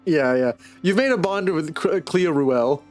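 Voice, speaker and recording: A man's voice: a little high, measured pace, faint music behind. A man running a tabletop game as game master, rambling with lots of "like" and restarts.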